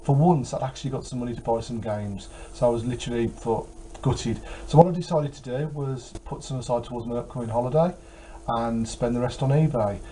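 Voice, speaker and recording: A man's voice: mid-range voice, fairly quick, dark tone, a little hiss or hum, rough recording. A tired man chatting casually about his game collection, rambling with many fillers. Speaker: retro game collector vlogger. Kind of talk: casual chat.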